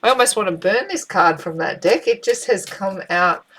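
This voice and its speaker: A middle-aged woman giving a casual spiritual tarot reading, chatty and animated, with frequent fillers and restarts. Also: mid-range voice, normal speed, poor audio. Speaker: tarot reader.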